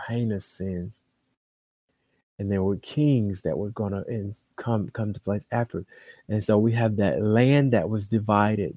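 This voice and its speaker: A man preaching a sermon, moving between booming, drawn-out proclamations and quiet conversational asides, often repeating words and restarting.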